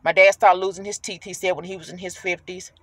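A woman in her fifties telling a casual story to her viewers from inside her car, chatty and animated. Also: fairly low pitch, fast, dry recording. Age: 50s. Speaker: rideshare driver vlogger.

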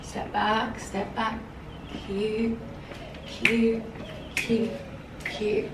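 A young British woman chatting brightly through a fashion vlog, showing off outfits in a holiday room. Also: fairly high pitch, little pitch movement, very slow, recorded from a distance, background noise. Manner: bubbly, chatty, keeps saying cute. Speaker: fashion vlogger. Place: holiday room with insects outside. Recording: echoey room, slightly off-mic. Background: faint crickets.

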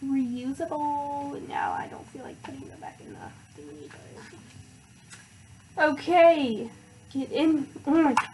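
A teenage girl vlogging an unboxing, hyper and excitable, with lots of filler words. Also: high-pitched, slow, slight background noise, low-quality recording. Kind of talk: casual unboxing vlog.

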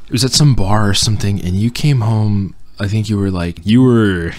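A man's voice: lowish voice, moderate pace, a little mellow, no echo. A young man hosting a casual podcast, telling rambling stories and acting out quotes. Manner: rambling storyteller, acts out quotes. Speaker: podcast host. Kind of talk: casual chat.

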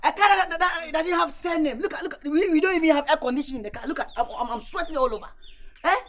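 A woman's voice: sits high, very fast, a bit bright. A Nigerian actress playing a brash young man, the only son, stammering and repeating words as he complains. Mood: complaining. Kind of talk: film acting.

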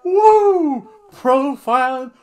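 A man impersonating a boastful older male wrestler, shouting whoops between bragging catchphrases. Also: very high-pitched, expressive, drawn-out words, pitched above the performer's own voice, heavily acted. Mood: wild, boastful.

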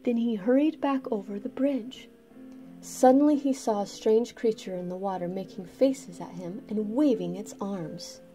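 A woman reading a children's picture book aloud in a gentle, expressive way. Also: mid-range voice, unhurried, faint music behind. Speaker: storybook reader.

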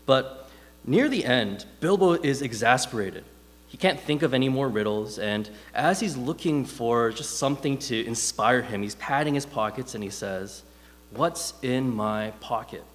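In a church hall thick with long reverb, a man preaches casually at a moderate pace in a medium-pitched voice. He makes his case through lively stories, leaning heavily on filler words.

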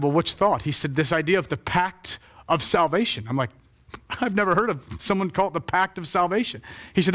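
Male preacher with a high voice, impassioned sermon delivery that rises and falls. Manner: impassioned preaching, swells loud then drops soft. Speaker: pastor.

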